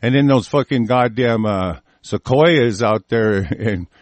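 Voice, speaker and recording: A man's voice: medium pitch, slow, no echo. A man hosting a show, ranting angrily and swearing constantly as he rambles through the news and reads parts of it aloud. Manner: angry, cursing, rambling. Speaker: talk show host. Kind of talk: profane ranting commentary.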